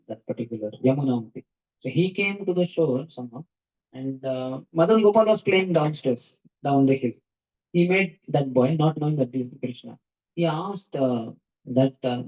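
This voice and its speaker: A man giving a devotional talk, telling a saint's story with many pauses and acting out the characters' lines. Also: mid-range voice, darkish tone, muffled recording.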